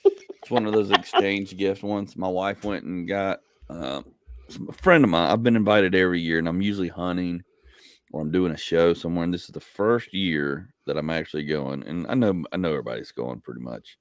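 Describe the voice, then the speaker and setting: A man's voice: deep voice, fairly quick, no room sound, clean studio sound. A man hosting a casual comedy podcast, rambling and joking with frequent laughs.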